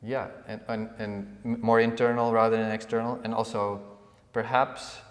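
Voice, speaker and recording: A man's voice: on the low side, moderate pace. Man telling a story in an echoey room. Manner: animated storyteller who acts out villagers. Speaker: podcast co-host. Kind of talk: conversational storytelling. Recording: echoey room with long reverb.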